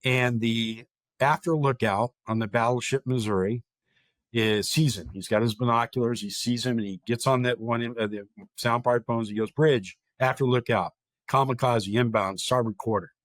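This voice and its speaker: A man's voice: mid-range voice, steady tone, moderate pace, no echo. A man speaking as a guest and telling a vivid, dramatic story, quoting people directly as he goes. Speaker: guest, historic park chief of staff.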